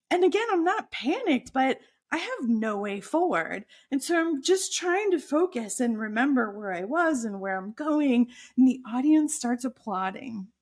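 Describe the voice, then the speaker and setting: A woman guest telling a personal story in conversation, acting out her own thoughts as quoted lines. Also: on the high side. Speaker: podcast guest.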